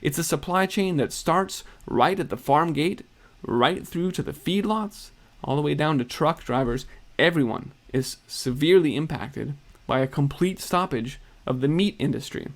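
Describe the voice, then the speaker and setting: A man narrating news commentary, reading quotes aloud in a quick, pointed way. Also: fairly high pitch, animated. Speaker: video narrator.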